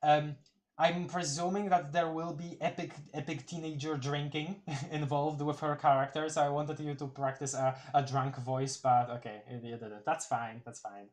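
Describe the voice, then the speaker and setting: Giggly, rambling streamer voice, mid pitch, casual webcomic live read. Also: little pitch movement, moderate pace. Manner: giggly, rambling, often restarts words. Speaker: streamer reading a webcomic aloud.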